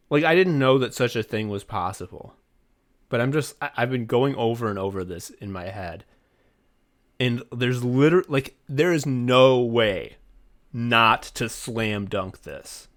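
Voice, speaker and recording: Excitable laughing man chatting. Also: medium pitch. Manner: excitable, laughs often, rambling with restarts. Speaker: podcast co-host. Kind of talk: casual chat.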